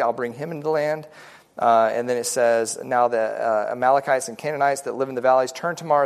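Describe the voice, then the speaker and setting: A man teaching a relaxed Bible study class, talking things through in a loose, chatty way and pausing on fillers as he goes. His voice sits at an everyday middle pitch for a man, and he moves between explaining and reading scripture aloud.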